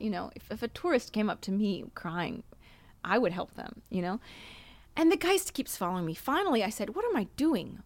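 A woman's voice: mid-range voice, dry recording. A woman podcast host frankly telling a personal story, with small laughs and restarts.

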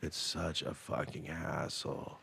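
A young adult man hosting a podcast, telling stories in a profane, animated way, moving from low muttering to loud bursts. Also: slow pace, creaky, very noisy. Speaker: podcast host. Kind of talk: casual storytelling chat. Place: podcast studio.

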